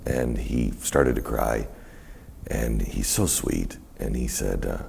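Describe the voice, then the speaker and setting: A middle-aged man telling animated, rambling stories in a live onstage conversation at a university event, quoting other people as he goes. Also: very deep voice, takes it slowly, vocal fry, a little hiss or hum. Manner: animated, rambling storyteller who quotes others in many voices. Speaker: guest.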